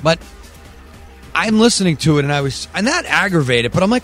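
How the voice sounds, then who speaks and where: A man hosting a live podcast from a studio, talking in a loud, profane, sing-song hype style. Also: on the high side, sing-song, fairly quick, faint music behind. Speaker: podcast host. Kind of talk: casual live show banter.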